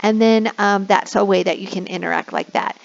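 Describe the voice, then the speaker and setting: A woman explaining classroom screens as an online English teacher, now and then slipping into a slow sing-song to model prompts for kids. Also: medium pitch, steady tone, gravelly. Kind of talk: instructional screen walkthrough. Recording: dull lo-fi recording.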